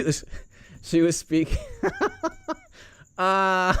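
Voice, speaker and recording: A man's voice: fairly high pitch, steady tone, takes it slowly, long pauses, fairly bright tone, smooth, dry recording. A man hosting a political commentary vlog, ranting sarcastically and repeating himself in disbelief. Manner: sarcastic, repetitive, incredulous. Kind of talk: casual political rant.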